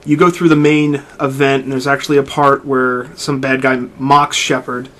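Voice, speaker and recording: A man's voice: mid-range voice, moderate pace. Man rambling casually about a video game. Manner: rambling, animated retelling of a game. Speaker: podcast co-host. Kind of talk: casual chat.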